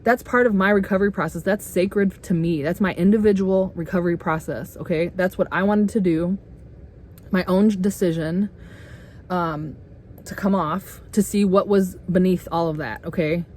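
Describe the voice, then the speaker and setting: A middle-aged woman vlogging a heated, swearing rant with sarcastic rhetorical questions, getting loud at times. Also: lowish voice, fairly even intonation, moderate pace, a little hiss or hum. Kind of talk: angry personal rant to camera. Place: RV interior.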